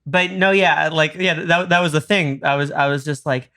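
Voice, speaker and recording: A man's voice: fairly high pitch, normal speed, clear, resonant tone. A male podcast host telling a story in casual chat, acting out quoted lines with lots of fillers. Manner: animated, acts out quotes, many fillers.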